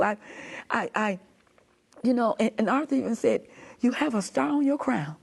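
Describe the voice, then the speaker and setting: Speaking at a normal speed with frequent pauses, a middle-aged woman shares her personal testimony as an interview guest, acting out quoted speech. Her slightly high voice is expressive and gravelly with a breathy edge, and she sounds heartfelt, impassioned, and pleading.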